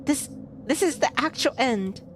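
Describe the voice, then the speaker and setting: Chatty woman game streamer, unhurried delivery, fry-textured voice. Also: on the high side, slight background noise. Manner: chatty, playful, reacts aloud to the game. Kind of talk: casual game stream commentary.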